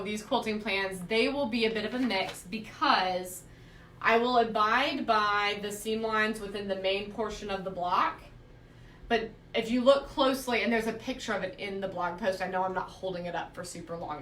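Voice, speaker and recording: A woman's voice: mid-range voice, moderate pace, fairly bright tone, roomy sound, recorded from a distance, a little hiss or hum. A woman teaching quilting on a live stream, chatty, often checking in with "right?" as she explains.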